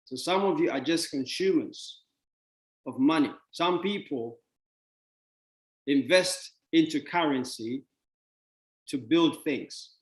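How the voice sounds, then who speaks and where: A man's voice: fairly high pitch, slow, pauses often, reverberant. A man giving a motivational talk on money, playful with wordplay and laughs, then blunt and dismissive.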